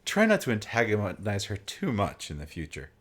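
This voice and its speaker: A man reading a calm, formal game character. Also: lowish voice, moderate pace. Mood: diplomatic.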